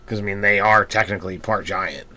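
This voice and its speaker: A relaxed man chats casually about tabletop games and often chimes in with brief agreement. His voice sits fairly low. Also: brisk. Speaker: co-host. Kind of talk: casual tabletop game chat.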